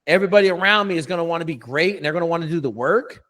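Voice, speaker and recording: A man's voice: fairly high pitch, very fast, bright, forceful tone. Blunt, profane male coach. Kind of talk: casual interview storytelling.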